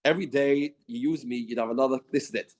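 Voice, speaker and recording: A man's voice: medium pitch, quick pace, darkish tone, natural voice. A man voicing a talking male donkey who bluntly scolds its owner. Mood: scolding.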